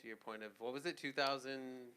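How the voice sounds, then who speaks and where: A man's voice: medium pitch, fairly even intonation, brisk, pushed and bright, smooth. A man co-hosting a casual podcast chat, easygoing and agreeable.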